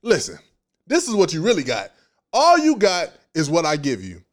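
A man's voice: on the high side, huge pitch swings, normal speed. A man voicing a personified body as a bossy, worldly figure that scoffs at the spirit. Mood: scornful. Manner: loud, scornful and streetwise.

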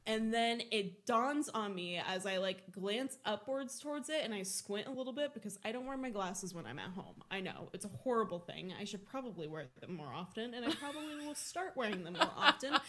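A young woman co-hosting a podcast, telling a story in a casual, animated way, with lots of swearing and laughter. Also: mid-range voice, brisk, few pauses. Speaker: podcast co-host.

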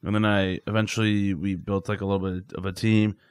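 A man's voice: fairly low pitch, flat delivery, fairly quick, smooth, no room sound. A young man, a comedian guest on a podcast, talking casually with plenty of fillers and self-deprecating rambles. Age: young adult. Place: podcast studio.

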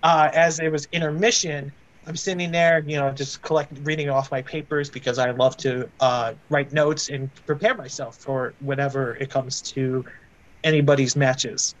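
A man's voice: on the high side, steady tone, normal speed, poor audio. Rambling young man telling stories. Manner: rambling, many fillers like "like" and "uh". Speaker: guest, aspiring wrestling broadcaster. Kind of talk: casual interview storytelling.

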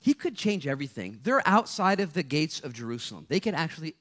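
At a live gathering of students, a man appears as a guest speaker and delivers a lively sermon. He talks fast in a voice on the high side, staying playful and energetic while swinging between loud outbursts and quiet asides.

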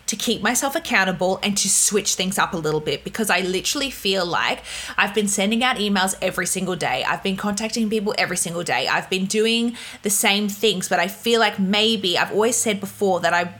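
Young woman vlogging into her laptop, bright tense voice, laughs a lot, does little voices for people. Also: medium pitch, fairly quick. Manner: animated, laughing, acts out voices in stories. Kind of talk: casual storytelling to camera. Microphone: laptop mic. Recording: laptop fan humming behind.

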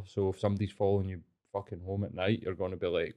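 A man's voice: deep voice, flat delivery, quick pace, dark tone, lo-fi sound. A man, casually explaining ideas and swearing now and then.

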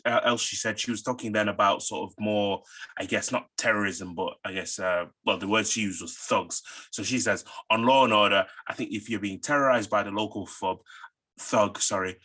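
A man's voice: on the low side, pushed and bright, slightly rough. A man from Manchester with a Mancunian accent, co-hosting a podcast and arguing his point persistently in casual debate. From Manchester, England.

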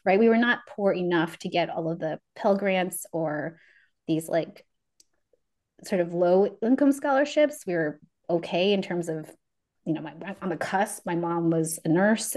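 A woman guest on a podcast telling her life story in casual conversation, acting out the voices of people she remembers and laughing often. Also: fairly low pitch. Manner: lively, acts out remembered dialogue; laughs often mid-sentence.

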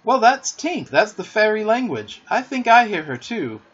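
A man plays an eager, boastful young boy who never wants to grow up, speaking in lively boyish talk. The voice is high, husky, pushed up and exaggerated, at a moderate pace, in a dull lo-fi recording.

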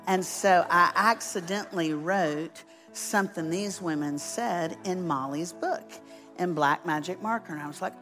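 A woman's voice: on the low side, measured pace, a bit bright, soft background music. A woman preaching as a guest speaker, telling a story with humor, poking fun at herself and acting out what people said. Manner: humorous, self-deprecating storyteller who acts out quotes. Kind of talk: storytelling sermon.

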